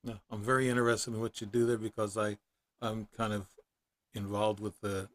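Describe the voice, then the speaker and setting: A man's voice: on the low side, level tone, moderate pace. A man hosting an interview show, asking long stumbling questions in casual talk. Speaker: podcast host.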